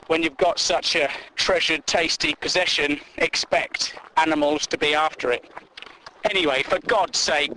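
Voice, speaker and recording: A man's voice: on the high side, pushed and bright, a little hiss or hum, low-quality recording. A man hosting a comedy show, ranting in a mocking, incredulous way and acting out silly voices. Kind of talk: comic rant on news items.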